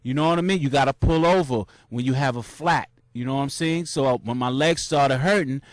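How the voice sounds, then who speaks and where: A young man casually recounting a marathon, animated and full of slang, jumping into high shouts when he acts out cheering crowds. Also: brisk, no room sound. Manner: loose, repetitive slang with many restarts. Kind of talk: casual storytelling monologue.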